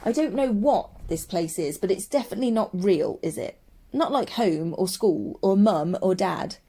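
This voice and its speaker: A woman's voice: medium pitch, expressive, moderate pace, mellow, breathy edge. A woman voicing a stubborn, sceptical young girl who speaks firmly and doubts everything around her. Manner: firm and doubtful.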